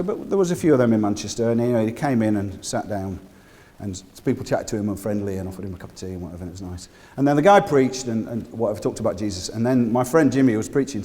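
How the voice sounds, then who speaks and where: A man preaching a sermon to a congregation, conversational, asking the room questions and dropping to a hush for stories. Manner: drops to a low hush when telling a story. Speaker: guest preacher. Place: church hall. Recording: long reverb of a church hall.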